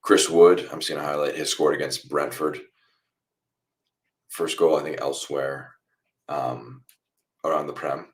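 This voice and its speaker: This is a young man with a remarkably deep, low voice, hosting a live football watchalong stream. He talks casually to his viewers and walks through each play as he watches. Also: a little slow, long pauses. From United States. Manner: chatty, reacts loudly to goals then explains calmly. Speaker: watchalong host.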